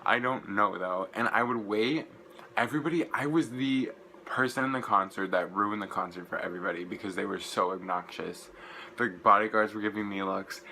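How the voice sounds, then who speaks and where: A young man, gushing and rambling through an excited casual vlog recap, full of "like" fillers. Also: on the low side, brisk, a little hiss or hum, poor audio. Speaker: vlogger.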